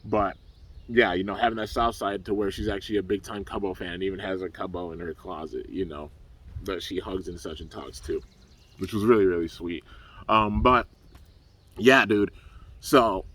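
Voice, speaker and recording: A man's voice: low voice, steady tone, moderate pace, a bit bright, far from the mic. A young man casually recapping a cartoon episode for his channel, rambling with lots of fillers. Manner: laid-back, rambling, full of fillers. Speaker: YouTube reviewer.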